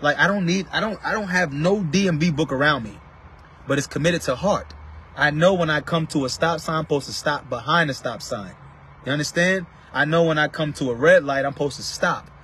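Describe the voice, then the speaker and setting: A man's voice: on the high side, fairly quick, fairly bright tone, slight background noise. A man preaching to his online viewers from inside a car, emphatic and calling out to them by name. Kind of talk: casual live-stream preaching.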